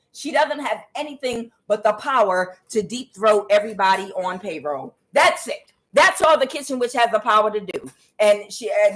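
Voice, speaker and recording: A woman delivering a tarot reading as a blunt, emphatic rant full of profanity. Her voice sits at a middling pitch. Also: rough recording. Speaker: tarot reader.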